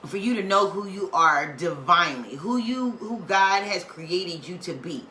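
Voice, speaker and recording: A woman with a fairly low, expressive voice, unhurried yet pushed and bright, gives a casual weekly spiritual tarot reading. Her delivery is emphatic, preachy, slangy and playful, recorded in an echoey room with faint background noise.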